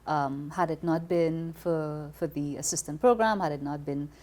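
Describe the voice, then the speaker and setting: A woman with a Trinidadian accent, talking as an interview guest in an expressive, conversational way, often repeating words as she starts a thought. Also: deep voice, normal speed. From Trinidad and Tobago.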